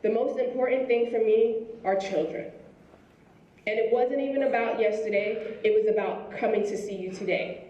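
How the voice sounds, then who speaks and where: A woman telling a lively story in a motivational speech to a school audience, acting out the people she met. Her voice sits a little high. She is heard from the audience, far from the mic, in a roomy, echoing hall. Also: normal speed, highs cut off. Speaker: school principal giving a speech. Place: school auditorium.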